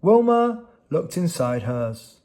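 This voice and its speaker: A man reading a children's storybook aloud in a clear, expressive way. His pace is slow and deliberate, and his pitch rises and falls a great deal. His voice sits a little higher than most men's. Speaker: narrator.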